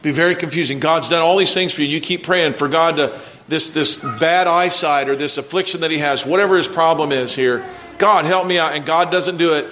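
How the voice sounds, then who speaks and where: A man's voice: a little high, brisk, a bit bright. A man preaching a sermon to his church in a conversational way. He asks the congregation questions and acts out the voices of people he quotes. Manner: acts out quoted voices, repeats words when starting sentences. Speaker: pastor.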